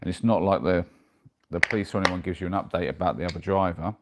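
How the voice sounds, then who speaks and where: A man's voice: low voice, fast talker. A man chatting casually on a live stream and answering viewer messages as they come in. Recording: noisy with clicks.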